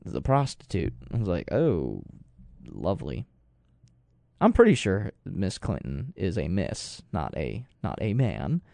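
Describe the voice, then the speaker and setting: A man's voice: low-pitched, huge pitch swings, measured pace, vocal fry, hardly any pauses, warm tone, no room sound. A man giving rambling, digressive commentary with sarcastic asides. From United States. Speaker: political commentator. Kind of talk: casual talk commentary.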